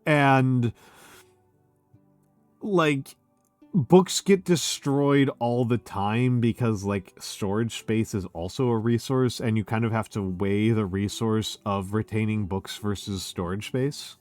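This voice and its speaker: A man's voice: fairly low pitch, slow, dry recording, soft background music. A man chatting casually on a drinking stream, tipsy and hiccuping, rambling and emphatic with lots of fillers. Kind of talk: casual chat.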